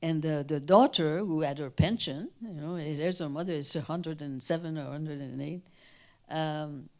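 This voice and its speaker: An older woman from Canada, a guest speaker telling anecdotes at a Q&A, animated and acting out the voices of people she quotes. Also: deep voice, moderate pace. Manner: animated, acts out quoted voices, trails off and restarts. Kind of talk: anecdotal storytelling at a Q&A. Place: town hall in front of an audience.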